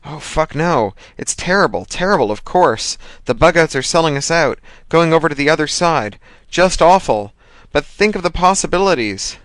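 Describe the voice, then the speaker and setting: A man's voice: mid-range voice, a little fast, fairly bright tone, dry recording, lightly acted. A man reading an audiobook, voicing a pushy, gushing male activist friend who swears freely. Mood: eager.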